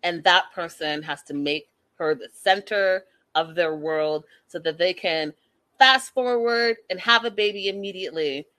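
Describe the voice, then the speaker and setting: A woman giving a casual, animated recap to her viewers, judgmental and chatty, addressing them directly. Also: fairly low pitch, measured pace. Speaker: commentator.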